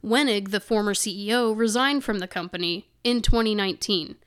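A woman's voice: medium pitch, a little fast, a bit bright, clean tone. A woman co-hosting a casual podcast, reading news excerpts aloud and adding indignant, sarcastic comments. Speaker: podcast co-host.

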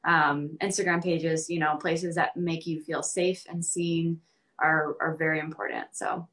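Bright-toned young woman, earnest and chatty. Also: sits low, level tone, a little slow. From Central Arkansas. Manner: earnest, many ums and likes, laughs easily. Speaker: guest. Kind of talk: casual podcast conversation.

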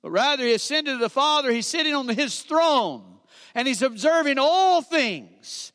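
A man preaching a sermon, calling for amens and dropping from loud to hushed. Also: very high-pitched, animated, normal speed. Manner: preaching with call-and-response, dramatic swings from loud to hushed. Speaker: pastor. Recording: long reverb of a church hall.

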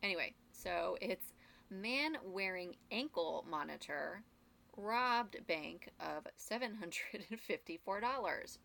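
A young woman co-hosting a casual podcast, chatty and quick to laugh, speaking into a podcast microphone. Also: mid-range voice, lively intonation, vocal fry, bright, forceful tone. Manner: chatty, laughs often, uses fillers. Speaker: podcast co-host.

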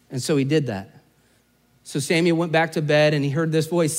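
A man's voice: a little high, steady tone, brisk. A man preaching a sermon in an earnest, conversational storytelling manner. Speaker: pastor.

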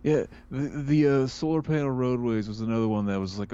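A man's voice: medium pitch, fairly quick, few pauses, dark tone, smooth. A man co-hosting a casual podcast, laid-back and swearing freely. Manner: laid-back, profane, laughs often. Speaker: podcast co-host. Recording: dull lo-fi sound.

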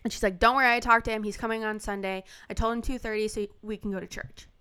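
Young woman telling a crazy story to a friend, clear smooth voice, acts out all the quotes. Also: a little high, fairly even intonation, quick pace, sharp tone. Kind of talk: casual podcast chat.

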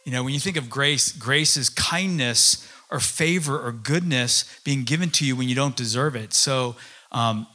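A middle-aged man gives a sermon in a bright, forward voice at an ordinary pitch. He tells personal stories, often breaking off to restart a thought or add an aside. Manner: personal storytelling, halting restarts and many asides. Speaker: pastor.

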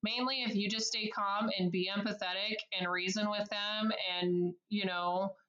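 A woman's voice: medium pitch, fairly even intonation, normal speed, fairly bright tone, highs cut off. Bubbly, laughing woman in a roomy space. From United States. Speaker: service advisor. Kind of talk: podcast interview.

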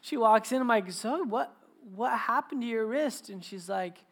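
A man's voice: very high voice, animated, normal speed, fairly bright tone. A man in his thirties, a pastor preaching a sermon to his congregation, telling family stories in a chatty, joking way with many restarts and laughs. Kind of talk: sermon with personal storytelling. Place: church service before a live congregation.

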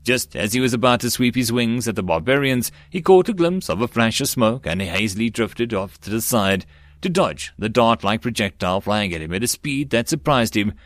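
A man narrating a web-novel audiobook in a steady storytelling manner. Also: medium pitch, fairly quick, no room sound. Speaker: audiobook reader.

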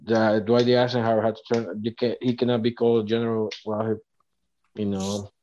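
A man co-hosting a casual podcast, speaking haltingly with many restarts. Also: fairly low pitch, little pitch movement, dark tone, muffled recording, a little hiss or hum.

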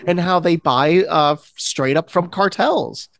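A man's voice: on the high side, measured pace, creaky, fairly bright tone, no echo. A man hosting a casual podcast chat, rambling with many restarts. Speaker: podcast host.

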